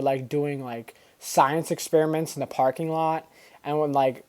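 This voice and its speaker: A young man speaks casually to his audience, full of slang and loose energy. He tells old school stories and acts out the voices of the people in them. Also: fairly high pitch. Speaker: vlogger. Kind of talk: casual storytelling.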